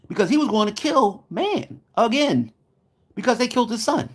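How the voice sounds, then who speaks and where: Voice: mid-range voice, very animated, normal speed, fairly bright tone. Profane, heated ranting vlogger. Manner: heated, swears constantly, acts out quotes.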